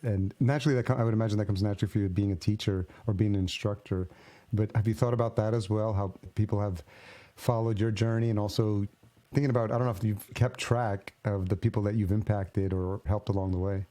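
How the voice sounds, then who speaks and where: A man hosts a podcast interview in a low, warm, mellow voice. He asks slow, searching questions and often restarts and reworks them. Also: steady tone. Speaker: podcast host.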